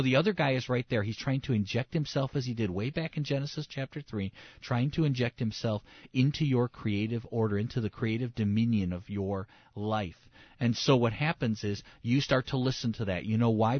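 Man preaching with dramatic loud-soft swings. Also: on the low side, no echo, lo-fi sound. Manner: dramatic swings between loud emphasis and soft hushed asides; acts out quoted voices and inner dialogue. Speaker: pastor. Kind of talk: sermon.

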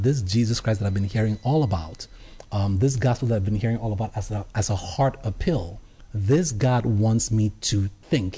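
Guy telling his faith story in an interview, mellow husky voice, keeps restarting, earnest. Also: lowish voice. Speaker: interview guest. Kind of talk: personal testimony in conversation.

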